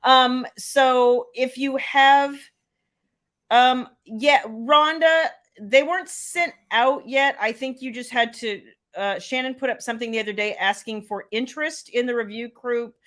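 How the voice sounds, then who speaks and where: A woman's voice: a little high, unhurried, a bit bright. Chatty woman hosting a live stream. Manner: chatty, rambling, answers viewer comments by name. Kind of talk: casual live-stream chat.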